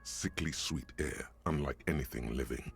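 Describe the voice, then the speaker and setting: A man narrating a game in a grave, measured, gravelly voice. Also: extremely low pitch, soft background music.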